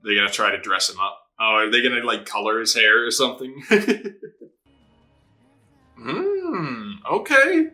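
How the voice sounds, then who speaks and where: A man's voice: medium pitch, big pitch swings, measured pace, pauses often, pushed and bright, soft background music. A man hosting an anime reaction video, chatting casually, laughing often, swearing and acting out characters' lines. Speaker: anime reaction channel host.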